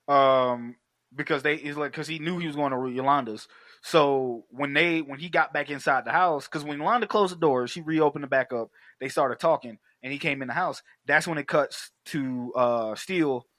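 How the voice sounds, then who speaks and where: A man's voice: on the high side, no echo. A man hosting a podcast, recapping a film in casual slangy chat and acting out the characters' lines. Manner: animated, acts out characters' lines, slangy and profane. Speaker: podcast host.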